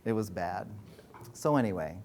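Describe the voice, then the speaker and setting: A man leading a workshop as coach, telling candid personal stories in a frank, animated way, swearing freely and laughing as he talks. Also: low-pitched, normal speed, gravelly, a little hiss or hum. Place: workshop room.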